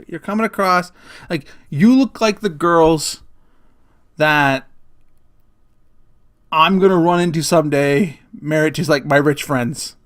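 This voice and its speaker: A man's voice: high-pitched, fairly bright tone. A middle-aged man hosting a solo comedic rant podcast, blunt and profane, laughing at his own jokes. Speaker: podcast host.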